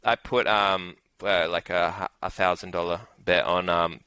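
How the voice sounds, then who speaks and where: A man's voice: deep voice, fairly even intonation, moderate pace, sharp tone, a little hiss or hum, poor audio. A young Australian man casually telling a betting story, rambling with lots of "like", swearing and laughs. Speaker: interview guest, punter.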